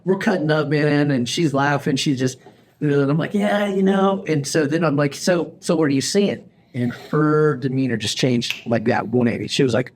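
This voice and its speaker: Animated storytelling man, co-host. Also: on the high side, normal speed. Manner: animated, acts out quoted voices, frequent restarts; laughs often while telling stories. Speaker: podcast co-host. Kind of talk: casual storytelling chat.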